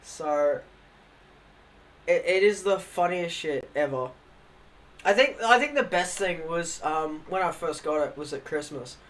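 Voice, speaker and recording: The voice is fairly high, fairly bright, and unhurried. It belongs to a young man on a live stream who chats casually, laughing and swearing as he tells funny stories about his family and acts out their words.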